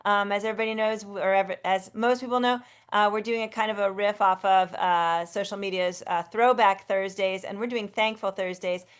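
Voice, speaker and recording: A woman hosts a live online sing-along from a video call. She is effusive and chatty, often stopping and restarting her sentences. Her voice is smooth and resonant, sitting at a middle pitch. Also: steady tone, brisk, few pauses. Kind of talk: casual live-stream hosting.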